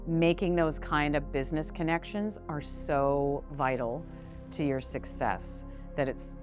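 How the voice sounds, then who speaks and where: A low-voiced woman talks about her business in a relaxed interview. Her speech is frank and animated, scattered with casual fillers, and faint music plays underneath. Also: measured pace. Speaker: business owner, interview guest.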